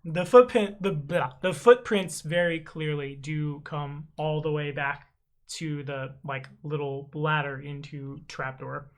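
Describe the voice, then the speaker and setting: A man's voice: on the high side, fairly even intonation. A man running a tabletop game as game master, narrating in a casual, chatty way. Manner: casual, chatty, slows down for tricky words.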